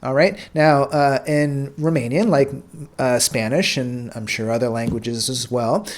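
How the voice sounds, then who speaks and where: An American man teaching a casual language lesson in a relaxed way, filling pauses with "uh" and "all right" and repeating words slowly. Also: medium pitch, a little hiss or hum. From United States.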